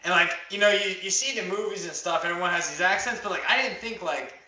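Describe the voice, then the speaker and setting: A man interviewing a guest in casual chat, talking quickly with lots of "like"s. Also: sits high, sharp tone, echoey room, lo-fi sound. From New Jersey area. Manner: quick, chatty, many "like"s.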